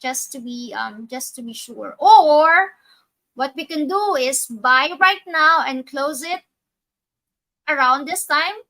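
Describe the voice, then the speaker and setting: Bright, slow-talking woman trading educator. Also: high-pitched, low-quality recording. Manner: methodical, thinks aloud with fillers and self-corrections. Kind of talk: live trading walkthrough.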